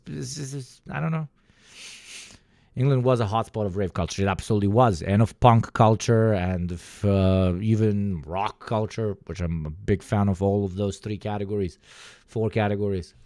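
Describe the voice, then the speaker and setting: A man with a fairly low voice talks live to his chat, rambling and swearing freely. He stammers and restarts as he thinks aloud. The sound is dry and close. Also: a little mellow, no room sound. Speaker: live streamer reacting to videos. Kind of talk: casual stream chatter.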